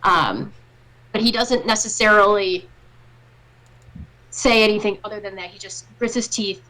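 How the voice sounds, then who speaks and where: A woman's voice: mid-range voice, unhurried, bright, forceful tone, rough recording. A woman narrating a tabletop game as game master, loose and chatty with frequent fillers.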